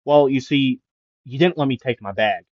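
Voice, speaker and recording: A man voicing a brash, battered teenage boy hero who talks loud and cocky, in a storytelling fan what-if. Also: medium pitch, moderate pace, slightly rough, no echo, highs cut off, close to an everyday voice. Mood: cheery.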